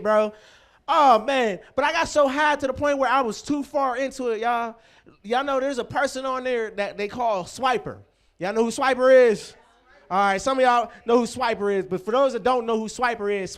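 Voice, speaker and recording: A man's voice: very high voice, fairly bright tone. A man hosting a comedy show, telling profane stand-up stories and bantering with the crowd.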